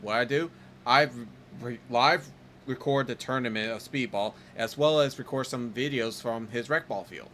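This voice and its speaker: Bright-voiced man hosting. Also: medium pitch, normal speed, slight background noise. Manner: loose, rambling, many fillers. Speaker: podcast host. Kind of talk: casual podcast chat.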